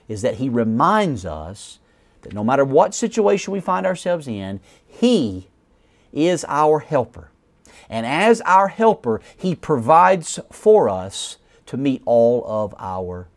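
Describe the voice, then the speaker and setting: A man delivering a sermon in an animated voice that climbs and falls through each sentence. He reads scripture aloud, then slows down and lets his voice drop at the close of key phrases. Now and then he stops to correct himself before carrying on. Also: medium pitch. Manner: self-corrects mid-sentence. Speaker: preacher.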